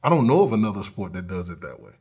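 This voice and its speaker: A man's voice: fairly low pitch, very animated, racing, darkish tone, husky. A man who coaches college football, talking earnestly and plainly in an interview, with frequent ums and uhs. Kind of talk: conversational interview.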